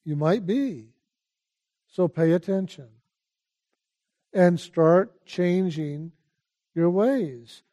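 Speaking unhurriedly and calmly, a high-pitched older man gives spiritual teaching. Again and again he tells his listeners to pay attention.

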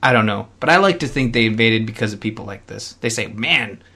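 A young adult man co-hosting a casual podcast chat, blunt and opinionated, with quick asides. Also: fairly low pitch, lively intonation, gravelly, bright, forceful tone. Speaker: podcast co-host.

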